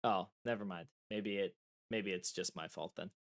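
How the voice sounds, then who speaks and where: A man's voice: low-pitched, normal speed, creaky. A man co-hosting a podcast in casual chat over a remote call, joking and playfully stubborn. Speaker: podcast co-host. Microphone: remote call mic.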